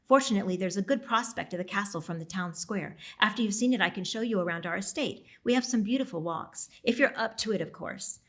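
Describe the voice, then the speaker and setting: A woman's voice: mid-range voice, fast talker, few pauses, close to an everyday voice. A woman reading aloud, giving a refined young Regency lady's lines in polite, formal speech. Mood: gracious. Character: refined young Regency lady, gracious hostess.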